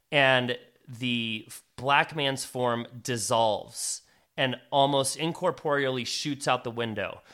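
A man's voice: mid-range voice, bright, forceful tone. A man narrating a tabletop fantasy game as game master, dramatic with some fillers. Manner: dramatic, with fillers and slow emphatic phrases.

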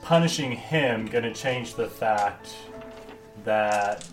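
A man playing in a tabletop game, excitable and quick to laugh. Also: on the low side, distant mic. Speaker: player. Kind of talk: tabletop game play, casual. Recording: echoey room, off mic, with music. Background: music.

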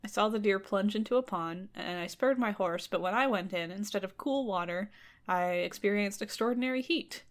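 A woman's voice: mid-range voice, a little fast. A woman narrating a fairy tale in a loose, joking way, often laughing at her own asides. Her voice sits in a middling range. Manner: casual, giggly, self-mocking. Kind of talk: comedic story retelling.

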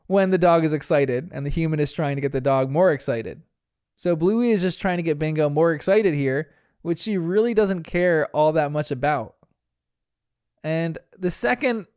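A young man from New Jersey talks through a cartoon episode in a casual, chatty way, laughing often at his own asides. His voice sits a bit high and sounds smooth and clean. The recording is dry and close, with no room sound. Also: a little mellow, no room sound. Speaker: podcast host reviewing a cartoon.

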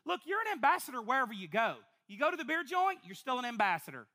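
High, bright, animated woman preaching. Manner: animated, playful preaching with quick asides and laughter. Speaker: pastor. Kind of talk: sermon. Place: church before a congregation.

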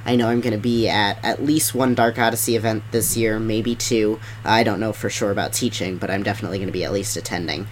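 Upbeat podcast co-host, mid-pitched voice. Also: steady tone, fast, few pauses, a little hiss or hum. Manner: loose and upbeat, with fillers. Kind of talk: casual podcast chat.

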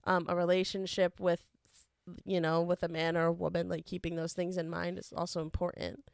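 Smooth-voiced, chatty female podcast co-host. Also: fairly low pitch, level tone, a little fast, a little mellow, dry recording, clean studio sound. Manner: chatty, filler-heavy. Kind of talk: casual chat.

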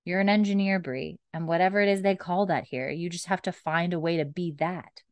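A woman on a chatty podcast retells scenes from a show, quoting the dialogue in an easy, unhurried way. Her voice sits a bit low, and the recording is dry and close. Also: no echo. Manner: recounts dialogue in a flat retelling voice, casual fillers. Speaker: podcast co-host recapping a TV episode. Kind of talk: casual chat, retelling scenes.

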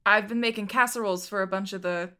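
A woman's voice: mid-range voice, steady tone, fast, sharp tone, clean tone, natural voice. A woman voicing a flustered young man who stammers as he explains himself at a door.

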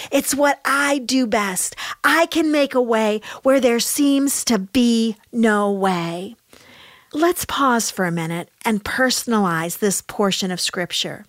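Emphatic woman preacher, dry close sound. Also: dry recording. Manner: emphatic, swings between soft low asides and raised exclamations; addresses listeners as "honey". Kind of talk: sermon.

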